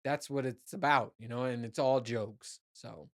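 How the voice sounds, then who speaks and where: A man's voice: mid-range voice, fairly even intonation, unhurried, fairly bright tone. A man hosting his own podcast, ranting casually and rambling, swearing freely and restarting his sentences often. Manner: profane, rambling, with many restarts and "you know"s. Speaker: podcast host. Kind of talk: casual solo podcast rant.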